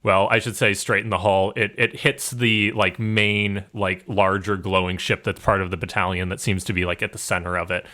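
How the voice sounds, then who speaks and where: A young man narrating as game master, describing scenes in a relaxed way with many fillers. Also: deep voice, moderate pace, hardly any pauses.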